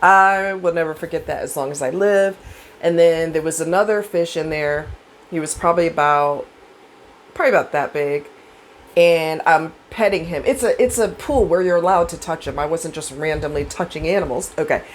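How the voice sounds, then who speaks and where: Woman vlogger rambling through stories, lowish voice, faint hiss behind her. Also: normal speed, poor audio. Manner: chatty, rambling, with fillers and animated quoted voices. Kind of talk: casual storytelling.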